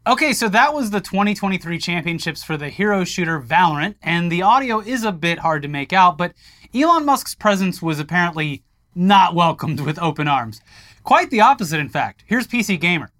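A man's voice: high-pitched, very animated, brisk, bright, forceful tone. A man co-hosting a tech news show, reading articles aloud and adding wry jokes. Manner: wry, joking, reads quotes aloud. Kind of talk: casual tech news banter.

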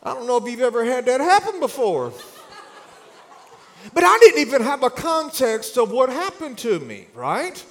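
High-voiced preacher man, lively storytelling. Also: normal speed. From Alabama. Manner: animated humorous storytelling, turning earnest. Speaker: pastor. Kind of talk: sermon.

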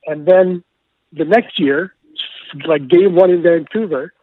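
A man, a hockey broadcaster, telling stories in an animated way, laughing often and repeating himself as he goes. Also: a little high, takes it slowly. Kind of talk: animated storytelling. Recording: tinny phone-like line, dry.

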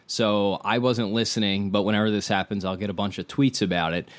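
Rambling podcast host man, lowish voice. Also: a little fast. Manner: rambling, animated retelling with quoted dialogue. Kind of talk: casual podcast chat, storytelling.

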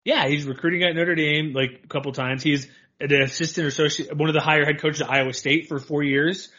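A man co-hosting a podcast, talking sports in a rambling, animated way and laughing often. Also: on the high side, brisk. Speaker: podcast co-host. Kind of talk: casual sports chat. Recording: dull lo-fi audio.

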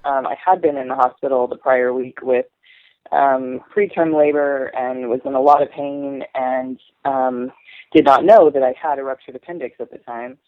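A woman's voice: a bass voice, fairly even intonation, normal speed. Woman over a tinny phone line. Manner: rambling, many ums. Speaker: guest sharing birth story. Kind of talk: casual podcast conversation.

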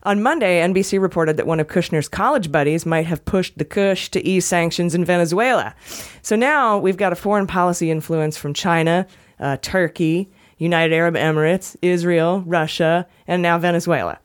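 A woman's voice: on the low side, normal speed. A woman hosting a casual news podcast, wry and often laughing as she talks. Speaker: podcast host.

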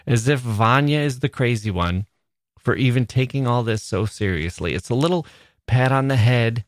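Male podcast host with a lowish voice and dry close-mic sound, earnest and emphatic as he explains. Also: moderate pace, no echo. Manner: earnest, emphatic, builds points through repetition. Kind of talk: literary analysis podcast.

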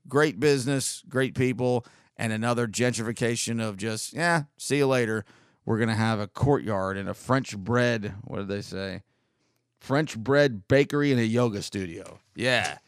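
A man's voice: on the low side, smooth, no room sound, studio quality. A man in his forties from the United States, rambling wryly and sarcastically through a casual solo monologue as a podcast host.

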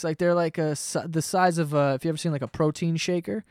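A man's voice: fairly high pitch, steady tone, brisk, a little mellow, dry recording, studio quality. A young man telling rambling, profane stories in a casual podcast monologue. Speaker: podcast host.

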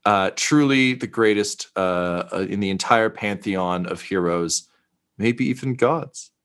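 An overeager shop attendant woman, put on by a man, gushing at a customer in a salesy tone. The voice stays fairly low. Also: unhurried, a bit bright, clear, resonant tone. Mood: effusive. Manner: effusive, salesy.

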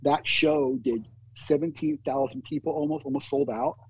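A man's voice: mid-range voice, normal speed, husky, poor audio. A man, a concert promoter, telling stories in a casual podcast interview and acting out what others said. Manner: animated storyteller, acts out quotes of others. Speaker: concert promoter and booking agent.

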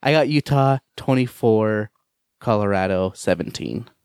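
A man's voice: fairly low pitch, unhurried, darkish tone, clean tone, no room sound, studio quality. A man hosting a casual sports talk show, steadily leading the segments. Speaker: host.

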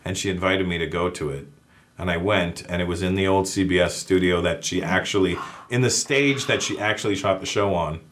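A man from Canada with a lowish voice, chatting as a guest comedian. He tells stories loosely and jumps up into bigger voices when he quotes himself. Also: a little fast, a little hiss or hum. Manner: animated, acts out his own quotes in raised voices. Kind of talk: casual chat, storytelling.

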